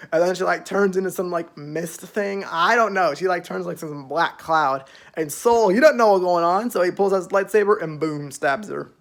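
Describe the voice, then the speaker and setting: A man's voice: fairly high pitch, a little fast. A young man casually recapping a show's episodes, rambling with lots of fillers and freely swearing. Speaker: show reviewer.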